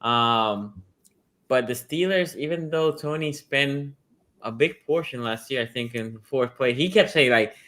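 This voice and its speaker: A man's voice: mid-range voice, measured pace. A man hosting a live sports talk show, upbeat and chatty, reading out viewer comments. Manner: energetic, reads out chat comments. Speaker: show host. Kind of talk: casual sports podcast chat.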